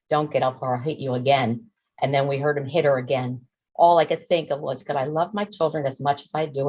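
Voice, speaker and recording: A woman's voice: sits low, a little mellow. A woman, a former emergency dispatch supervisor, reading solemn testimony at a legislative hearing. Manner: solemn, measured. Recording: dull lo-fi hearing stream.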